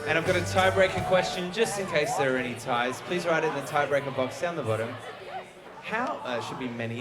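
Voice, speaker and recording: A man hosting a live trivia night, with a slightly raised voice that reads questions off briskly and cracks jokes with the panel. A lively crowd fills the venue around him. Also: a little high, loud music behind the voice. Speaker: quiz show host. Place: live venue before an audience. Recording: live show with crowd audible. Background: audience crowd.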